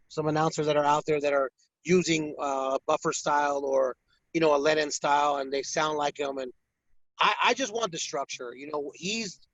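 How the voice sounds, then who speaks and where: A boxing ring announcer, his voice on the high side, tells stories in a casual interview and animatedly imitates the fighters. The audio is dry, dull lo-fi with no room sound.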